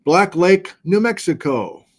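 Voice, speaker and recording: An American man hosting a geology livestream, casually reading out where viewers are watching from in a relaxed, chatty way. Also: high voice, slow. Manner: relaxed, chatty, reads viewer locations aloud. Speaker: geology lecture host.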